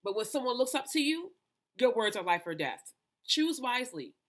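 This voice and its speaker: A woman's voice: fairly high pitch, very animated, moderate pace. A woman minister talking to camera with impassioned conviction, emphatic and preachy, often restarting her sentences. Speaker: minister and host. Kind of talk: impassioned personal talk to camera.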